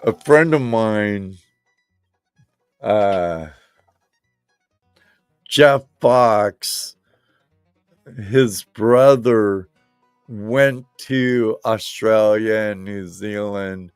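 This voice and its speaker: A man's voice: lowish voice, extremely slow, long pauses, smooth, no echo, soft background music. A man from Southern California hosting a live stream, chatting in a rambling, laid-back way and talking straight to his viewers. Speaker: live show host. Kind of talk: casual live-stream chat.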